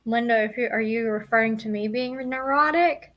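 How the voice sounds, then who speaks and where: A woman's voice: a little high, normal speed, fairly bright tone. A young woman telling a personal story to her vlog audience, rambling and self-deprecating. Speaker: vlogger. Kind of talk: casual storytelling to camera.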